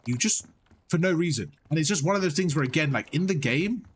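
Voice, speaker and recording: A young man giving blunt, animated coaching on gameplay, swearing freely as he explains. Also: a little high, a little fast, a little hiss or hum. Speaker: gaming coach. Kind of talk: casual coaching over gameplay.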